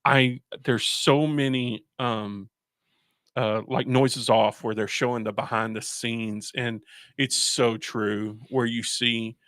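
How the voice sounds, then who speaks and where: A man's voice: mid-range voice, fairly even intonation, slow, fairly bright tone, dry recording, clean studio sound. A man hosting a radio show in casual chat, rambling through stories with restarts and laughs. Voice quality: gravelly. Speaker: radio host.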